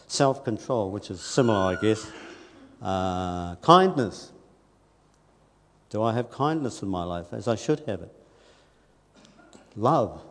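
A man's voice: lowish voice, expressive, slow pace, long pauses. Earnest man preaching in a reverberant hall. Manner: earnest, conversational, with soft asides and emphatic lines. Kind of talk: sermon.

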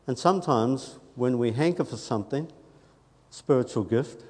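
A man preaching a sermon in a church, talking earnestly and conversationally, dropping to soft asides and rising on emphatic lines. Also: medium pitch, normal speed, husky, big-room sound.

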